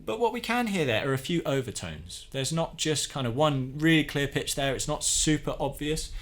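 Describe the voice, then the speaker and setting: A man giving a calm, methodical hands-on tutorial, explaining each step as he works on a drum. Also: a little high, moderate pace, soft background music. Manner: calm, methodical, talks while working. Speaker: drum teacher.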